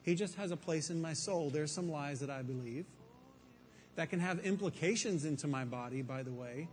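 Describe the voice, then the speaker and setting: A man's voice: a little high, normal speed. Guy preaching a bible study to a room, chatty but emphatic, bit of hiss in the background. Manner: conversational, emphatic, rhetorical questions. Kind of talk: sermon with Bible teaching. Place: room with an audience. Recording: faint reverb and background noise.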